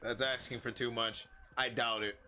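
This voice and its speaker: A man's voice: mid-range voice, level tone, normal speed, bright, forceful tone, slight background noise. A man streaming a shooter game, chatting casually with viewers and yelping when startled. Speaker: livestreamer. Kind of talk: casual gameplay commentary.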